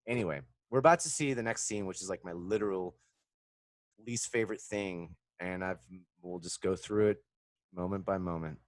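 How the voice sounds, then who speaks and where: A man giving sarcastic, profane reaction commentary, swinging between low mutters and loud outbursts. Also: fairly quick.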